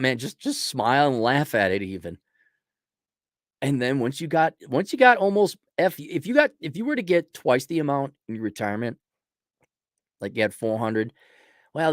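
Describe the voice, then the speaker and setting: Crude blunt guy ranting advice to a viewer, mid pitch, dead dry sound. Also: no echo. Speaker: host answering a viewer question. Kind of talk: casual advice rant.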